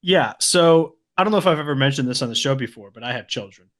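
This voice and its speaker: A man co-hosting a podcast, calm and teasing, building a story up at a measured pace. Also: medium pitch. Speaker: podcast co-host. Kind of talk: casual storytelling.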